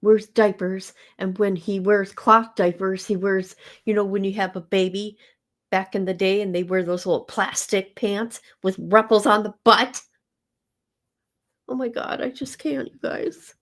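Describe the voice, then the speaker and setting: A woman's voice: mid-range voice, fairly even intonation, a little slow. An older woman hosting a casual livestream, talking bluntly with exasperation, stammering and breaking into laughter. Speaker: livestream host.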